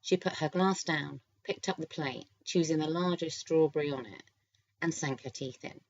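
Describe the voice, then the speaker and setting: Casting: woman audiobook narrator, low voice, calm steady read, slightly dull lo-fi recording. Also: normal speed. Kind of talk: scripted narration.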